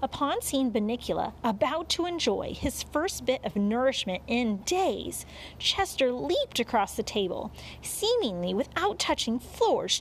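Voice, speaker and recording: A woman narrating a children's audiobook in an expressive storytelling manner. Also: high voice, unhurried, a little hiss or hum.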